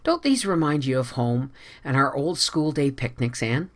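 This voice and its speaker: A reader voicing an earnest young man in an audiobook, speaking quietly and steadily. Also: mid-range voice, sing-song, normal speed, lightly acted. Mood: friendly. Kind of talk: audiobook character voice.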